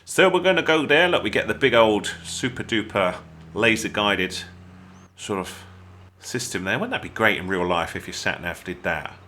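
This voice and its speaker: A man's voice: on the low side, animated, moderate pace, sharp tone, slight background noise. An English man with a chatty, jokey manner, talking viewers through a video game as a tutorial host. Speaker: gaming channel host. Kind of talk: gameplay tutorial commentary.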